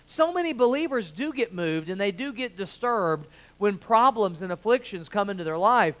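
High-voiced, smooth preacher. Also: male voice, lively intonation, normal speed, fairly bright tone. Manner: emphatic, conversational preaching with rhetorical questions. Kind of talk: sermon.

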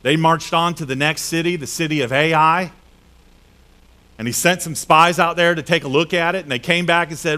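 Bright, high-voiced preacher. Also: male voice, normal speed. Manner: animated storytelling with acted-out voices. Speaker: pastor. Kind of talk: sermon.

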